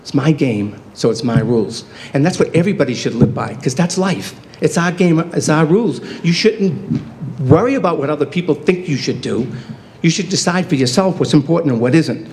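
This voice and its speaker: A man's voice: fairly high pitch, lively intonation, fairly quick, a little mellow. Man in his fifties telling funny stories. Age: 50s. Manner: self-deprecating, acts out quoted dialogue. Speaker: award inductee giving acceptance speech. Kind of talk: humorous storytelling speech. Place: hotel banquet hall.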